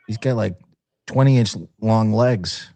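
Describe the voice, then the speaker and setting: A man's voice: lowish voice, measured pace, dark tone. A man co-hosting a live stream, trading mocking, profane banter. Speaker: stream co-host. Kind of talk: casual crude banter.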